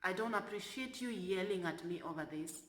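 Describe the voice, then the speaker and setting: A woman, a flight attendant, telling a story from work in an animated way that turns loud when she is exasperated. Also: medium pitch, a little fast, reverberant. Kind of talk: storytelling vlog.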